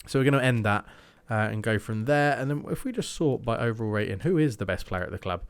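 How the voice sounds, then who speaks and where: A man's voice: medium pitch, expressive, fast talker, clean tone. A young man giving casual gameplay commentary, thinking aloud and slipping into mock match commentary. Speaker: gaming YouTuber.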